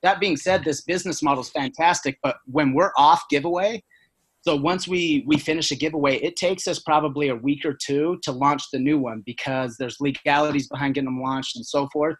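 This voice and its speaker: A man with a somewhat high-pitched voice chats casually as a podcast guest. He rambles, stacking fillers and asking "right?" as he tells business stories. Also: a little fast, breathy edge.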